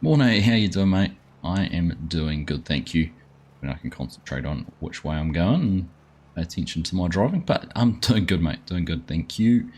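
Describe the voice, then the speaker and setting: Host: low husky New man, relaxed chatty stream talk, greets viewers. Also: normal speed. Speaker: gaming livestream host. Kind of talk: casual chat while playing a farming game.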